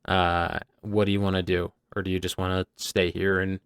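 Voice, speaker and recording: A man's voice: low voice, moderate pace, clean tone, dry recording, clean studio sound. A man hosting and running a tabletop game, talking casually with lots of fillers. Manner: casual, filler-heavy, relaxed. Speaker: game master and host.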